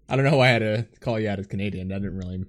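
A man's voice: lowish voice, fast. Laughing, joking male podcast host. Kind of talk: casual chat.

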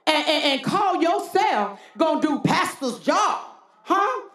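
A woman's voice: high voice, very animated, slow pace, fairly bright tone, echoey room. A woman pastor preaching a sermon, calling out to the congregation with repeated "Huh?" and folksy talk. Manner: call-and-response preaching with frequent "Huh?".

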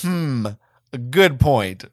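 A man's voice: fairly high pitch, big pitch swings, extremely slow, a little mellow, no echo, clean studio sound, exaggerated voice. A man voicing a wisecracking, sardonic teenage boy in a dramatic fan-fiction reading. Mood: teasing. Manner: teasing, sarcastic.

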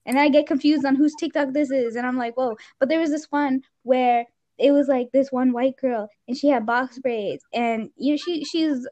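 A lively teenage girl chatting casually, full of exclamations and quick asides. Her voice sits on the high side. The recording sounds muffled and lo-fi. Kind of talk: casual chat. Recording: dull lo-fi sound.

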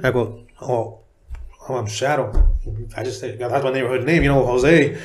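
A middle-aged man from San Diego, a rapper guest telling a story in a profane, animated way, acting out the people he quotes. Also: medium pitch, normal speed. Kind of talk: casual storytelling interview.

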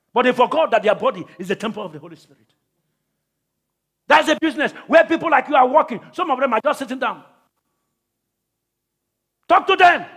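A man preaching as pastor at a church service, calling out to the congregation with repeated phrases, then shouting prayers. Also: extremely high pitch. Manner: repetitive, calls out to the congregation. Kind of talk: sermon and prayer.

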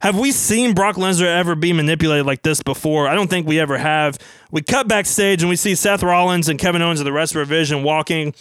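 A man casually narrating a wrestling storyline as brisk play-by-play. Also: a little high, a bit bright, clear, resonant tone, no room sound.

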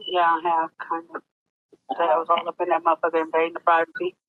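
A woman's voice: on the low side, monotone, fast, dry recording. A woman host telling a crude, joking story in casual chat. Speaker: podcast host. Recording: dull lo-fi audio with faint noise.

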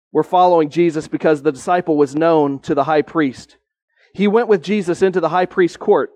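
A man with a high voice preaches with earnest conviction, lifting his pitch on the points he wants to land and slowing right down to stress them. The sound is close and dry, with no room around it. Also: a little mellow, no echo. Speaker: pastor. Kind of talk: sermon.

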